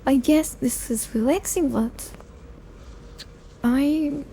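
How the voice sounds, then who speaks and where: A young woman in soft-spoken ASMR style, her voice high and mellow. She rambles loosely, drifts off topic and pokes fun at herself, with the odd slip into a whisper. A faint hum sits behind her. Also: slow. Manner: rambling and self-deprecating, loses focus. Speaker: ASMR creator.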